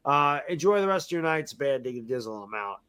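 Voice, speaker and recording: A man's voice: medium pitch, very animated, fast, a bit bright, clear, resonant tone. A middle-aged man and football fan giving a frustrated, emphatic post-game rant, repeating himself often. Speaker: sports fan commentator.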